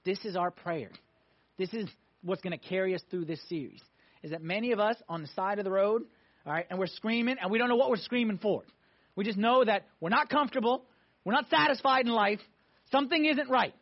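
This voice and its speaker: A man preaching a sermon to a congregation, emphatic, swinging between loud pushes and hushed moments. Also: high-pitched, fairly quick. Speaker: pastor. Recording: dull lo-fi sound.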